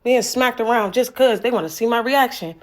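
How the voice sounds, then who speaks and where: A woman performing an improvised spoken word poem, raw and accusing, swinging between hushed lines and forceful ones and repeating words like refrains. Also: fairly high pitch, a little fast.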